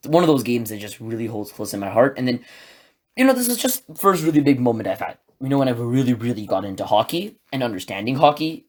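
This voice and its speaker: Excitable rambling man hosting a podcast. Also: medium pitch. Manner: excitable, rambling, filler-heavy with many "like"s. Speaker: podcast host. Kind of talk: solo podcast commentary, casual.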